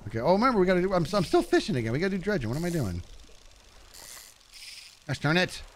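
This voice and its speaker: A man's voice: quick pace, slight background noise. A man giving chatty live commentary while playing a fishing game, reading chat and yelping when things go wrong. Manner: animated, chatty, jumps to high panicky yelps.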